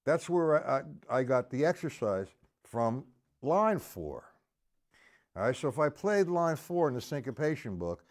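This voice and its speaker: A man teaching drums on a live stream, counting the beats out loud and making gruff, cussing asides to his viewers. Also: medium pitch, animated, measured pace, loud music behind the voice. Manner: counts beats aloud loudly, gruff asides and mild swearing. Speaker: drum teacher. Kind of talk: live-streamed drum lesson.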